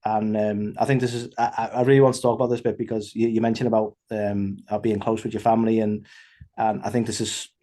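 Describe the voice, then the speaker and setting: A man hosting a wrestling interview show, asking long, halting questions with many pauses and restarts. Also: fairly low pitch, flat delivery, mellow.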